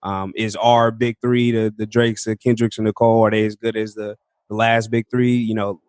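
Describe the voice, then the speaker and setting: A young adult man hosting a podcast, asking a guest questions in a relaxed, curious way. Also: lowish voice, moderate pace, clean tone, no echo. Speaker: podcast host. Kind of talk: casual podcast interview.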